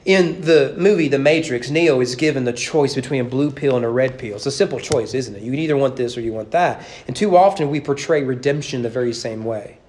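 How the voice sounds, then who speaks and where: A man's voice: mid-range voice, a little fast, few pauses, darkish tone. Emphatic male preacher. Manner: emphatic, rhetorical questions, repetition. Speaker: pastor. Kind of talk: sermon.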